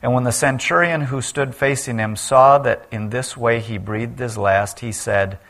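A man preaching a sermon and reading scripture aloud. He gets loud at the cries and drops low and quiet on the key lines. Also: measured pace.

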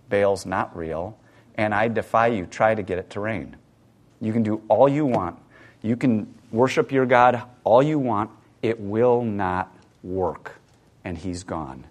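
Man preaching with rhetorical questions. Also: on the low side. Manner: animated preaching with rhetorical questions and sudden drops to a hush. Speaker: pastor. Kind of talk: sermon.

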